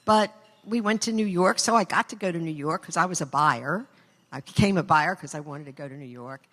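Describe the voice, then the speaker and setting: A woman's voice: low voice, a little fast, fairly bright tone. An older woman giving a chatty acceptance speech full of stories and self-deprecating asides, in a large hall. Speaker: award recipient. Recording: long hall reverb.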